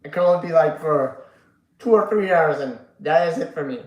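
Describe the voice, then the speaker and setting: Reading chat aloud on a casual live stream, this sleepy host yawns and rambles, full of fillers and offhand swearing. He has a fairly high voice at normal speed, recorded with poor audio and a roomy sound.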